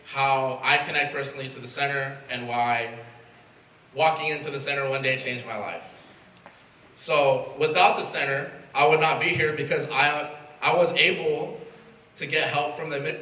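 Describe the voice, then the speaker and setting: A man's voice: on the high side, steady tone, moderate pace, bright, forceful tone. A young man from Mexico, the new president of a student club, giving an earnest, emotional prepared speech. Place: event space at a college. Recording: echoey room from far off, faint ambience.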